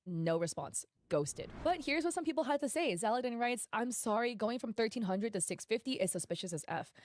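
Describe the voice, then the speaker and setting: A woman streamer talks at a brisk clip, reading posts and messages aloud to her viewers. Between quotes she adds emphatic, indignant commentary. Her voice sits close and dry on the mic with no room sound. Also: medium pitch, no room sound.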